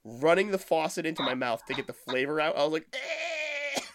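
A man hosting a casual talk show, telling animated stories and acting out the quotes. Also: fairly high pitch, fast, noisy background. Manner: animated storyteller, acts out quotes. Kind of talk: casual chat.

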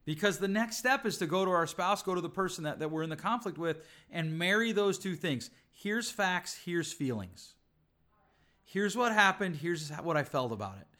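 Middle-aged male podcast host, fairly high voice, emphatic teaching delivery full of repeated lists. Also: lively intonation, normal speed, pushed and bright. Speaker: podcast host, relationship speaker.

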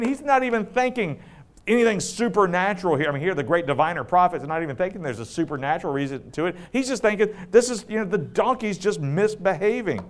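A man preaching a sermon, retelling scripture in a conversational way with joking asides and laughter, and dropping low and slow when he reads the text.

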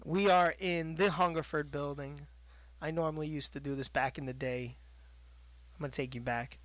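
Bright, jokey New host. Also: male voice, on the high side, fairly even intonation, normal speed, dry recording. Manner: rambling, jokey, laughs a lot. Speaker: radio show host. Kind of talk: casual chat.

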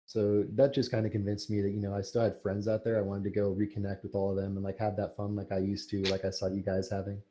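A young man with a low, mellow voice talks through his story in a loose, rambling way, full of fillers. His pitch stays fairly flat as he chats on a podcast. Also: fast talker, few pauses. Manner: relaxed, rambling with many fillers. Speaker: podcast guest, fan fiction writer. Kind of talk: casual interview chat.

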